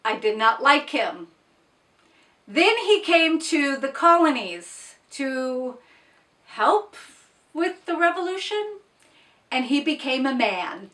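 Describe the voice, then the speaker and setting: A woman's voice: high voice, sing-song, slow, long pauses, sharp tone, far from the mic. A woman chatting casually through a book wrap-up, blunt and opinionated, with plain asides to the viewer. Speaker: book reviewer. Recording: echoey room, off-mic.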